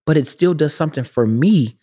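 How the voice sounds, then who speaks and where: Soft-spoken reflective man, close-miked. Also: on the high side, expressive, a little fast, breathy edge. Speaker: podcast co-host. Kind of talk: casual podcast chat. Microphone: close to the mic.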